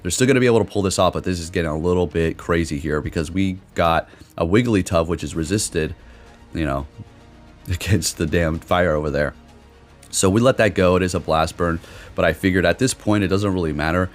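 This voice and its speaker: A man giving casual, excitable commentary over his own competitive game matches, swearing now and then. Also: deep voice, a little fast, soft background music. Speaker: gaming commentator.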